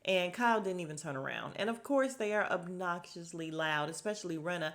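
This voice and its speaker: A woman casually recapping a reality show, retelling scenes and reacting loudly and bluntly, often laughing. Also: lowish voice, a little fast, few pauses. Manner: animated, swings between hushed retelling and loud outbursts.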